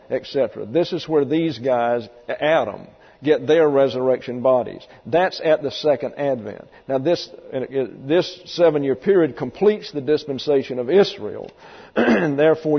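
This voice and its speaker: A man teaching a Bible lesson, halting and full of folksy asides and restarts, recorded in a reverberant hall. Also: medium pitch, dull audio.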